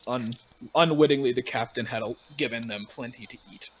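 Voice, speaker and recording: A man's voice: medium pitch, a little fast, slight background noise, poor audio. A man narrating as game master in a casual online tabletop game, loose and rambling. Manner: loose and rambling, with many fillers.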